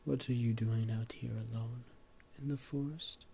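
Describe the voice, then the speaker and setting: A man with a cold voicing a gruff but kindly older man in a spoken story, half whispering. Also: mid-range voice, fairly even intonation, moderate pace, mellow, slight background noise, natural voice. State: has a cold.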